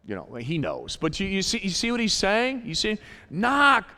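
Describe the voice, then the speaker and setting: Animated high-voiced preacher in a reverberant hall. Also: male voice, moderate pace. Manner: animated, repeats phrases, acts out voices in quotes. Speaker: pastor. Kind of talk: sermon. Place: church sanctuary.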